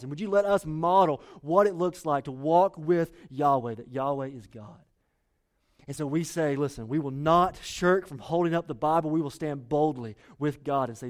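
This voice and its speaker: A male pastor preaching with earnest urgency and a fairly high voice. He restarts and repeats phrases as he presses each point. It is the sound of a live sermon to a congregation.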